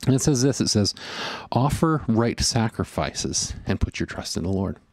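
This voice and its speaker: A man's voice: lowish voice, lively intonation, normal speed, a little mellow, dry recording. A man preaching a sermon in an earnest, conversational way, often voicing inner thoughts. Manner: earnest, conversational, with fillers and voiced inner monologue. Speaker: pastor.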